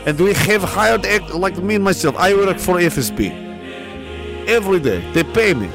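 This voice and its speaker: A man voicing a deadpan male Russian spy with a mock Russian accent and broken English, confessing stiffly. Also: high-pitched, vocal fry, music in the background. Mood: mock-solemn. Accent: put-on Russian. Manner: stiff, halting, slow confession.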